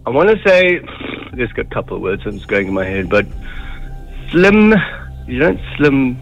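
A man's voice: medium pitch, very animated, unhurried, vocal fry, muffled recording, faint music behind. An Irish man calling a radio show, thinking aloud hesitantly over the phone. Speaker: caller. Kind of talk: phone-in quiz answers. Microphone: phone line.

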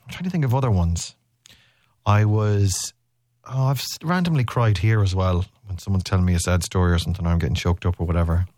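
A man's voice: low voice, fast, a little mellow, no room sound, clean studio sound. A man hosting a radio show, chatting casually and teasing his co-host. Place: radio studio.

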